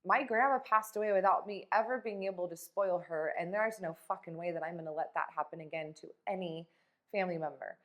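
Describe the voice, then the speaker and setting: A woman's voice: on the low side, fairly quick, dull audio. Blunt, profane woman coach. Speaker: life coach. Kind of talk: casual motivational vlog talk.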